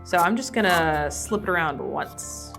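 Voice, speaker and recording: Over soft background piano, a woman with a lowish, animated voice and some vocal fry walks teens through a library craft tutorial. She explains each step at a measured pace in a warm, casual manner.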